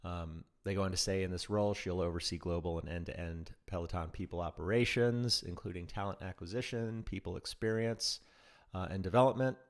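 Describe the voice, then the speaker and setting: A man's voice: low voice, fairly even intonation. A man co-hosting a casual news podcast, reading news with frequent ums and restarts. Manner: halting, many ums and restarts. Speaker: podcast co-host.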